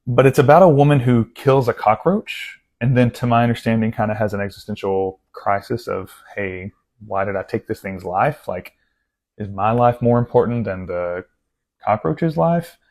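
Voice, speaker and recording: Speaking at a normal pace in a fairly low, slightly dark voice, this young book vlogger chats about the books he just bought. His talk wanders, he's self-deprecating, and he keeps restarting and going off on asides.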